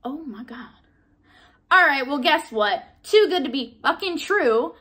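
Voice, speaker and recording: A young woman in her twenties telling a casual vlog story, chatty, full of "like" and mild swearing, jumping into excited high bursts when she replays her own reactions. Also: unhurried. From Southern California. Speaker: vlogger.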